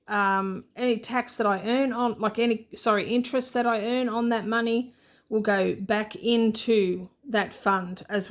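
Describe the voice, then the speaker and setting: An Australian woman chatting casually to her viewers as she counts cash out loud, with plenty of ums along the way. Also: on the high side. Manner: chatty, counts money aloud, many fillers. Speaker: budgeting channel host. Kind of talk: casual unscripted chat while counting cash.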